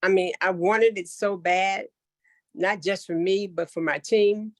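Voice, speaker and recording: A woman's voice: medium pitch, fairly even intonation, a little slow, dry recording, studio quality. A middle-aged woman giving an earnest, heartfelt testimonial on a call, with many fillers and restarts. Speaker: network marketing member sharing her story.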